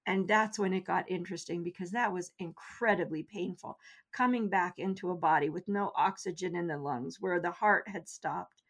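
A woman's voice: lowish voice, normal speed. Earnest middle-aged woman telling her story. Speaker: guest. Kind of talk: interview storytelling.

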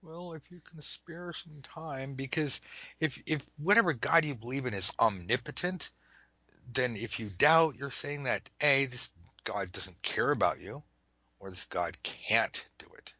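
A man hosting a podcast, ranting in an animated way and dropping to whispers for asides. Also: medium pitch, a little slow, slightly rough, no room sound, dull audio. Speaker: podcast host and tarot teacher. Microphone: internet call microphone.

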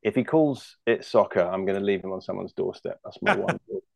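Casually chatting as a guest comedian, this British-accented man from the United Kingdom rambles and jokes with many restarts. His low, creaky voice has a darkish tone and moves fairly quickly, in a dry recording.

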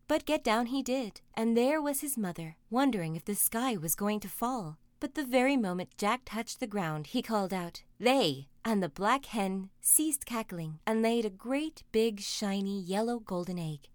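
A woman reading a fairy tale aloud, expressive and dramatic. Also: medium pitch, moderate pace, hardly any pauses, no room sound. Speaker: storyteller. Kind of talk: storybook reading.

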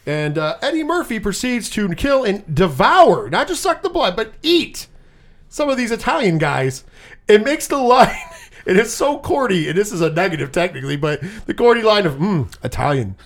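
A podcast host with a high-pitched voice runs a casual movie review chat. He talks in an animated, profane way, acting out scenes in quick put-on voices.

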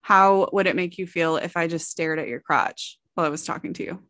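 A woman's voice: fairly low pitch, fairly even intonation, brisk, fairly bright tone, no echo, clean studio sound. A woman co-hosting a casual chat, reading out questions and answering frankly, with lots of fillers and giggles.

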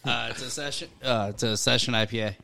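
A man's voice: mid-range voice, fast, vocal fry, bright, forceful tone. A man co-hosting a casual podcast, laid-back and swearing freely. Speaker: podcast co-host. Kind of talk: casual chat.

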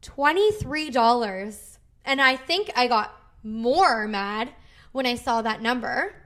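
A woman in her thirties tells a story in loose podcast chat. She acts out every quote in an animated way, with big swings in her voice, and swears freely. Her voice sits a little high. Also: unhurried. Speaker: podcast co-host. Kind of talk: casual chat.

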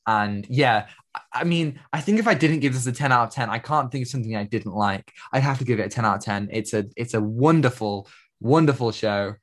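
A man's voice: mid-range voice, lively intonation, a little fast. A young man co-hosting a podcast, talking with enthusiasm and stumbling over repeated words. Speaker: podcast co-host. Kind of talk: casual chat.

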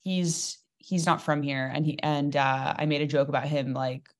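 A young woman comedian chatting casually on a podcast, her voice on the lower side. She tells stories in an animated, joking way, with quick asides and punchlines. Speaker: comedian guest. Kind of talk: casual storytelling chat.

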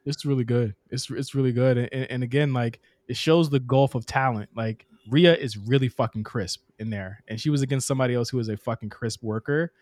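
A young man co-hosting a casual wrestling podcast, talking fast and profanely and laughing often. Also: medium pitch, a little mellow, no echo, studio quality. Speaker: podcast co-host.

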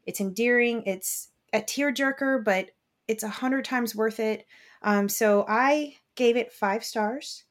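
A woman's voice: on the high side, slow pace. Casual woman rambling through a book review. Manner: relaxed, rambling, many ums. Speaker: podcast co-host reviewing books.

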